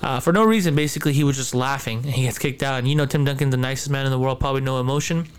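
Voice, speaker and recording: A man's voice: medium pitch, fairly even intonation, racing, smooth. A man hosting a casual sports chat, rambling with many restarts and fillers. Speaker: podcast host.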